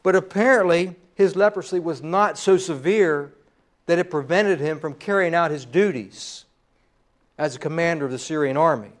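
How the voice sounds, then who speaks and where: A pastor preaching a sermon to his congregation, slightly hoarse, with rising emphasis and trailing pauses. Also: a little high.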